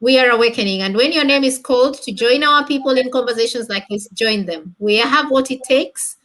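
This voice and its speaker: A woman's voice: fairly high pitch, fairly quick, a bit bright. A woman speaking as a panel guest, rallying listeners and listing examples.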